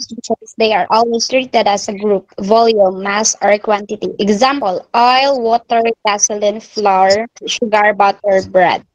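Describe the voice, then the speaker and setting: A woman's voice: medium pitch, fairly even intonation, no echo, muffled recording. A woman student reads a grammar definition and a list of examples aloud in class. She sounds dry and distant from the microphone. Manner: reading a definition aloud slowly.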